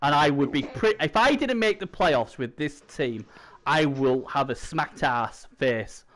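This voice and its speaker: A man's voice: fairly high pitch, lively intonation, a little slow, a bit bright. A man co-hosting a casual gaming league chat, rambling with many fillers and restarts. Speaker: co-host.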